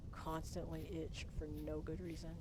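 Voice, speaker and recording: Chatty American woman streamer, lowish voice. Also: completely flat delivery, moderate pace, background noise. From United States. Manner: chatty and rambling, laughs often between remarks. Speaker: game streamer. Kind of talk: casual live-stream chat with viewers.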